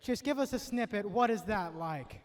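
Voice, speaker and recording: A man's voice: sits high, lively intonation, normal speed. A man interviewing race winners trackside with an enthusiastic announcer manner.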